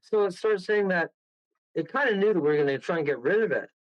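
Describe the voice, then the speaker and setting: Animated man telling a rambling story. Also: sits high, quick pace, no echo, muffled recording. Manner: rambling, animated, laughing storyteller who acts out quotes. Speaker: guest medium. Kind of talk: storytelling on a radio show.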